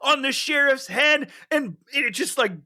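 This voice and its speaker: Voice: high-pitched, a little slow, pushed and bright. A podcast co-host in casual movie review chat, making sarcastic, exasperated jabs.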